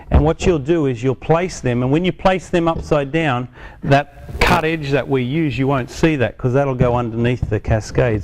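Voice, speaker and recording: A man at an ordinary middle pitch talks through a hands-on demonstration outdoors. He is chatty and informal, often restarting a sentence as he explains each step while he handles the products. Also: darkish tone, a little hiss or hum. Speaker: product presenter. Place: outdoors on a hot day.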